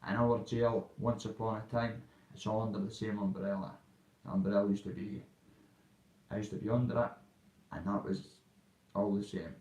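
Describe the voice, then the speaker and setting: A man's voice: fairly low pitch, steady tone, moderate pace, pauses often, a little mellow. A man in his thirties with a Dundee Scottish accent, talking in a blunt, rambling monologue full of local slang. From Scotland. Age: 30s. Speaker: vlogger. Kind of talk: casual monologue. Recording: roomy and off-mic.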